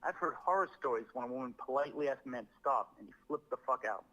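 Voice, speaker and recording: A man with a bright, forward voice reads a prepared apology word for word. He leans on certain words with stiff, rehearsed emphasis, like a script being performed. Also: mid-range voice, animated, low-quality recording. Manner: deliberate, stresses words as if acting. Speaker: comedian making an apology video.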